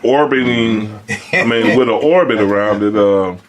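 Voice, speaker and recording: A man's voice: lowish voice, moderate pace, a crowd in the background. A man hosting a casual chat in a basement, laid-back and chatty, laughing often. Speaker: host.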